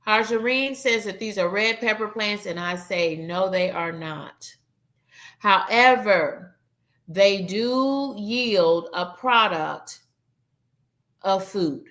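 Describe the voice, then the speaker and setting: Slow, bright-voiced woman hosting a live game night. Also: medium pitch. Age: adult, 21 or older. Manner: chatty, addresses viewers as y'all. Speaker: livestream game night host. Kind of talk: casual live-stream game hosting, reading chat.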